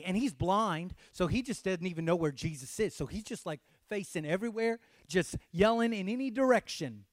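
A man from Texas, with a voice that sits a little high, delivers a sermon in a dramatic style. He moves from hushed, intimate lines to loud, pleading cries. The sound is dry and close, with no room around it. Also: lively intonation, moderate pace, few pauses, no room sound. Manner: dramatic, swings from hushed to shouting. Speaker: pastor.

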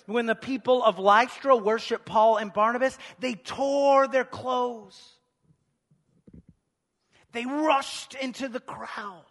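A man preaching a sermon with emphatic repetition, building to shouts. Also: extremely high pitch, fairly even intonation, takes it slowly. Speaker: pastor. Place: church hall. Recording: echoey church hall.

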